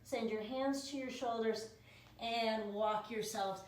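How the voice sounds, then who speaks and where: A woman leads a home pilates session, calmly counting and calling out breaths. Her voice sits slightly high. The mic is set well back in a strongly echoing room with faint background noise. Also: slow pace, recorded from a distance. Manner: counting reps and cueing breaths, encouraging. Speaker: pilates instructor. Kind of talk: guided exercise class.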